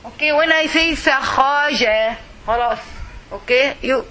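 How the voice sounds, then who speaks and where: A woman teaching a Quran recitation class, slow and patient, repeating words for her students to echo. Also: sits high, crowd noise.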